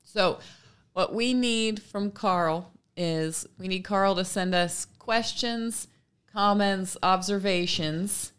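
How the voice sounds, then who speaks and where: Smooth-voiced woman chatting on a podcast. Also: mid-range voice, slow, fairly bright tone. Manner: agreeable, chimes in with short affirmations. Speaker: podcast co-host. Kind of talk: casual podcast chat.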